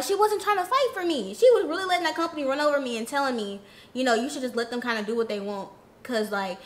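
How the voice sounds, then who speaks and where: A young woman telling a storytime vlog, ranting in an animated, indignant way. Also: on the high side. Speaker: influencer vlogger.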